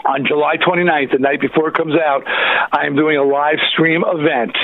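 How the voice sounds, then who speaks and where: A man talks with animated energy over a tinny, phone-like line. His voice sits a little high, and the sound is dry and close. He tells stories casually. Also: normal speed, no room sound. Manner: animated storyteller, plugs his record. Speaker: guest musician. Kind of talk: casual interview chat.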